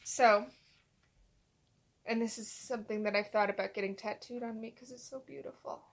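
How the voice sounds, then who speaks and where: A young woman co-hosting a casual podcast, telling a rambling story and acting out quotes in a relaxed chat with her partner. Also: fairly high pitch, moderate pace. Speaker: podcast co-host.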